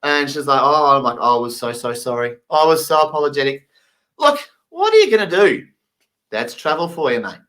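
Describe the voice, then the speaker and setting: Animated man telling funny stories. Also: a little high, fairly quick, rough recording. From England. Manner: animated, acts out voices in his anecdotes. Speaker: stand-up comedian. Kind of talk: stand-up storytelling.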